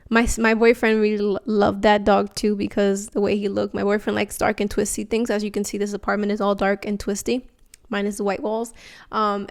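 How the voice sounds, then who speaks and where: A woman's voice: on the high side, smooth. A young woman vlogging in a rambling, candid and emotional way, full of fillers and restarts. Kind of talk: casual chat to camera.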